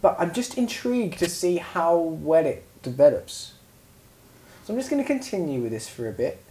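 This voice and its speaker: A man co-hosting a podcast in casual chat, an animated storyteller who laughs often. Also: a little high, moderate pace, slight background noise. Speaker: podcast co-host.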